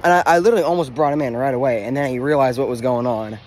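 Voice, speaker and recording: A young man vlogging outdoors at a small pond, talking straight to his camera in quick, breathless bursts and repeating himself when something surprises him. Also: medium pitch, a little mellow, slight background noise. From Pennsylvania. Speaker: fishing vlogger. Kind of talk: excited outdoor fishing commentary.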